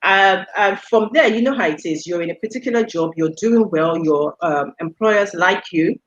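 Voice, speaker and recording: A middle-aged woman from the UK, guest on an interview show, telling her story in lively casual chat and laughing often. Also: on the low side, moderate pace, lo-fi sound. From United Kingdom. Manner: animated storyteller, laughs often, acts out quoted voices. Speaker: guest, radio station executive.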